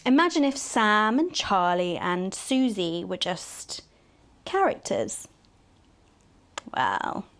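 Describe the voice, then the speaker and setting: Megan Wolf, a purring tempter. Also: female voice. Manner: teasing, taunting, purring low asides. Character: sultry scheming female news anchor playing a tempter. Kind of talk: video game voice acting.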